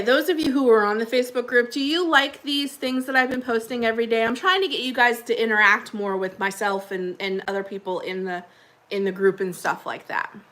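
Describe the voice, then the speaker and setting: A woman's voice: on the high side, pushed and bright. A woman hosting a casual livestream, chatting with viewers in a rambling way and laughing often. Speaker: livestream host.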